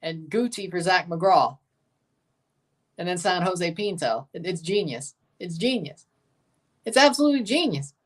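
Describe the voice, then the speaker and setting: A woman hosting a live football watchalong, chatting casually and giving strong opinions, breaking into excited shouts at big moments. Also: on the low side, unhurried, long pauses. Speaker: watchalong host. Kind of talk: live match reaction commentary.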